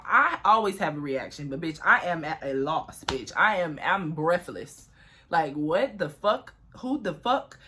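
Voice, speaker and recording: A woman's voice: sits low, bright, forceful tone. A young woman telling a personal story to camera in a chatty, profane way, often addressing viewers as y'all. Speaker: vlogger.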